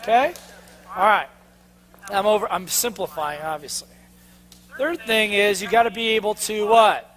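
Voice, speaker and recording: A man in a live sales seminar, a trainer who keeps throwing quick questions at his audience and making them answer back. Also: high voice. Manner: energetic, call-and-response questions to the crowd; drops to a mocking tone for the inner doubting voice.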